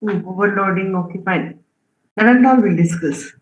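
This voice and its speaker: This live online programming lecture comes through roomy, dull lo-fi stream audio. The instructor's mid-range voice moves at a moderate pace as he quizzes the class, reads out answers, and often asks "okay?" or "right?"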